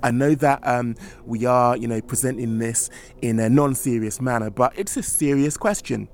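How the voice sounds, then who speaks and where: A man co-hosting a podcast in a relaxed, jovial manner. His voice sits at an ordinary middle pitch. He quizzes and teases his co-host as they talk. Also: moderate pace, slight background noise. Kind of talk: casual podcast chat.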